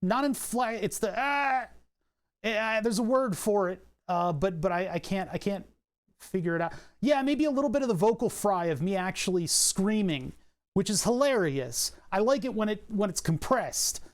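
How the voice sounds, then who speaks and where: Speaking at a moderate pace in a high, expressive voice, a young man streams from home and chats as he tinkers. He rambles, corrects himself, and laughs at his own asides. The room is acoustically padded, and the audio comes from a condenser mic run through a compressor.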